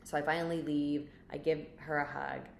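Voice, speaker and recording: Speaking at a normal speed with vocal fry, this woman has a low-pitched voice and a flat delivery. She's a vlogger casually telling a story to camera, chatty and rambling with many fillers, in an echoey room with faint background noise.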